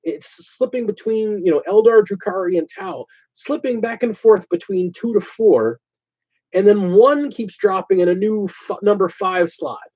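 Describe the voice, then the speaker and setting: Male host, expressive and chatty, ranting casually over a muffled, lo-fi recording. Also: high voice, moderate pace. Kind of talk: casual chat. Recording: dull lo-fi sound.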